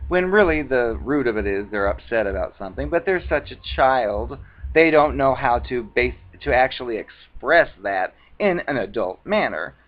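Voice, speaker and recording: A man giving advice in a casual talking-head monologue, speaking conversationally and acting out the retorts he quotes. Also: medium pitch. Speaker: advice vlogger. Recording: dull lo-fi recording.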